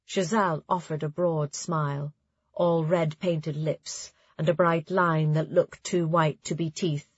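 A woman narrating a story in a measured, even way, with a breathy voice. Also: fairly low pitch, no echo, dull audio. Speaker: audiobook narrator. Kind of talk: scripted narration.

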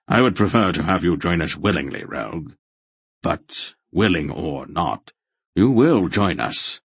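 Man voicing an old male sorcerer, brusque, commanding, deep voice, unhurried. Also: very animated, vocal fry, fairly bright tone, slightly rough, no echo, full character voice. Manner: firm, brusque. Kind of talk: audiobook character voice.

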